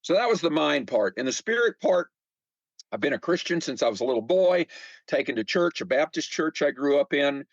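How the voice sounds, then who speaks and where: An older man in his seventies talks casually as a podcast guest, his pitch rising and falling a lot as he acts out what people said. He stumbles over repeated words and fillers. The sound is dry and a little muffled. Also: brisk, dry recording. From United States. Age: 70s. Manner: chatty, animated, acts out quoted remarks. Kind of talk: casual conversational storytelling.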